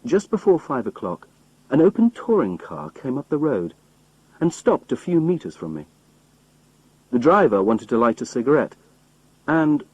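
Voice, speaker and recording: A man narrating a simplified novel in a plain, measured storytelling manner. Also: mid-range voice, darkish tone, breathy edge, no echo, dull audio. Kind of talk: reading a simplified novel aloud.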